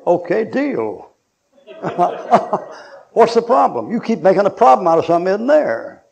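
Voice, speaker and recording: Gravelly blunt preacher man. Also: sits high, darkish tone. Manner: blunt, mocking, joking with the congregation. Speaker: pastor. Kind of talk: sermon. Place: church.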